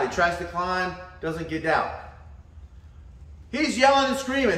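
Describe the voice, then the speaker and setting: A man giving a motivational talk, telling a story in an animated way and acting out the voices. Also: a little high, a little slow, pauses often, distant mic. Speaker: motivational teacher. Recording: echoey room from afar.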